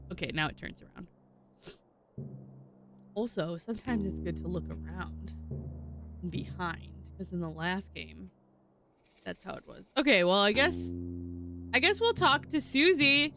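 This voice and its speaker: A voice actor streams gameplay, offering casual commentary while bubbling and cooing over cute characters. Her voice is mid-range and a bit bright.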